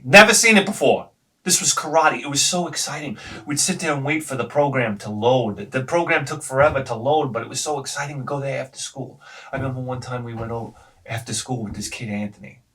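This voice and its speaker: A man's voice: medium pitch, far from the mic. A man in his forties, a retro gaming host, telling rambling childhood stories with lots of swearing and laughter. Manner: animated, swears freely, laughs at own stories. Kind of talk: rambling anecdotal storytelling.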